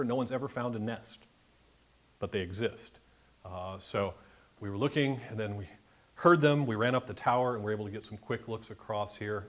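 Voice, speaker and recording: A man giving a chatty, joking slide-show talk about a birding trip to a live club audience. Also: fairly low pitch. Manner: jokey, chatty asides. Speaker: guest presenter at a bird club meeting. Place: meeting room with an audience.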